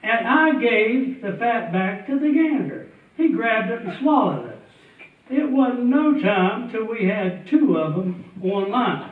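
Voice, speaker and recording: A man with a high, voice spins a tall tale in a folksy, chuckling manner. He sounds thin and tinny, as if heard over a phone. He is picked up from well back in an echoey hall. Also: lively intonation, measured pace, distant mic, background noise. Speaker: storyteller. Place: festival stage before an audience.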